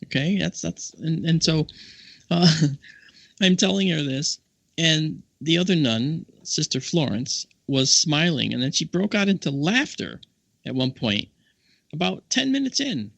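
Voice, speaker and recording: A man on a casual podcast, telling a lively anecdote and acting out the people he quotes with big jumps in his voice. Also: normal speed, vocal fry, no echo. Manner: animated storyteller, acts out quoted voices with big pitch jumps. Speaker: podcast co-host. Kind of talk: casual storytelling chat. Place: home office.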